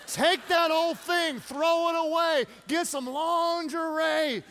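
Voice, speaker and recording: A man's voice: very high-pitched, slow, a bit bright, a little hiss or hum. A man preaching a playful sermon, joking and calling for responses from the congregation. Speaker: pastor.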